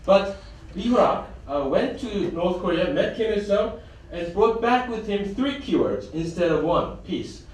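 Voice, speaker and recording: A man's voice: sits high, expressive, unhurried, recorded from a distance. A man giving a symposium presentation in a conference hall, hesitant, with many fillers and restarts. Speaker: conference speaker.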